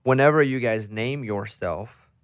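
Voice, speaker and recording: Male radio host, mid pitch, smooth resonant voice, dry sound, easy conversational tone. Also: measured pace, no echo. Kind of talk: casual interview questions.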